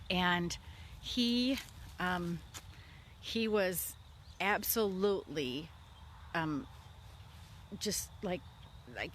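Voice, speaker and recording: A woman's voice: fairly low pitch, fairly bright tone, a little hiss or hum. A middle-aged woman talking casually outdoors on her farm, with lots of fillers and restarts. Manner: conversational, many fillers and restarts. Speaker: vlogger talking about leadership. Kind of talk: casual spoken story.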